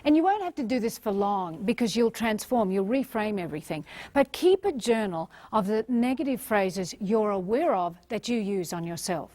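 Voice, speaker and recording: A middle-aged woman with an Australian accent gives a motivational seminar talk in an animated, emphatic way. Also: medium pitch, normal speed, dry recording. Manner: animated, emphatic, acts out little scenes. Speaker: motivational speaker.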